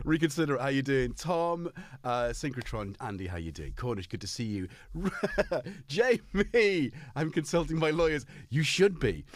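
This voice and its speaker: A man's voice: a little high, expressive, a little slow, dry recording. Chatty British man hosting a stream. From United Kingdom. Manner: chatty and jokey, greets viewers by name. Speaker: host. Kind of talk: casual live-stream chat. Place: home studio. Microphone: headphones on, studio mic.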